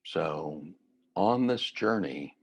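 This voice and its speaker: A middle-aged man giving a reflective, gently conversational mindfulness talk. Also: extremely low pitch, animated, very slow, husky. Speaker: mindfulness teacher.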